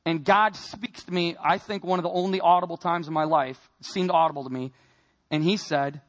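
Man, high voice, personal testimony, earnest storyteller, quiet then emphatic. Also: fairly even intonation, normal speed. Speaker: speaker giving a personal testimony. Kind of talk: emotional testimony sermon.

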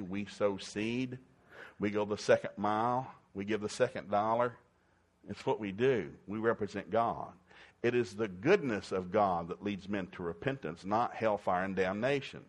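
An older man preaching a folksy sermon, telling homespun stories with lively, emphatic bursts. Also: on the low side.

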